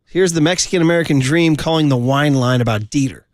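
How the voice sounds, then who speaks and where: A man's voice: fairly high pitch, fast talker, no room sound, studio quality. A middle-aged man hosting sports radio, chatty and telling stories with easy laughter. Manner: chatty, storytelling, laughs easily. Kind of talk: casual sports radio banter.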